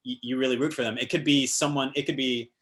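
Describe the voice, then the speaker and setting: A man from the American South, a guest actor, chatting casually and telling animated stories with plenty of fillers. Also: mid-range voice, fast. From Georgia, US South. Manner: animated storyteller, many fillers. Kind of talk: casual interview chat.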